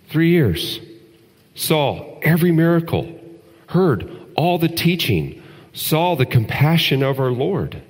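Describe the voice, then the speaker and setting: A man's voice: on the low side, big-room sound. A man preaching a sermon in an earnest style that builds to emphatic peaks. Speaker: pastor.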